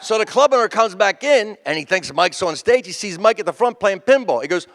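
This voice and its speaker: A man telling a stand-up tribute story on a comedy stage, acting out the people in it with lively voices. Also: sits high, a little fast. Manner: animated, acts out the people in his stories. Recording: long hall reverb.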